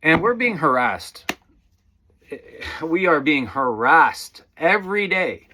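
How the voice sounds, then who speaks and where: A man's voice: fairly high pitch, sing-song, slow, pushed and bright, slight background noise. A man giving a casual spiritual talk to viewers, rambling and calling them guys. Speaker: spiritual teacher.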